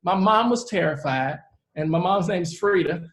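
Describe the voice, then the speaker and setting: A man in his forties, a real estate investor, giving a live presentation and telling stories in an earnest, animated way. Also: sits high, normal speed. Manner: earnest, animated storyteller who acts out the people he quotes. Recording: roomy echo.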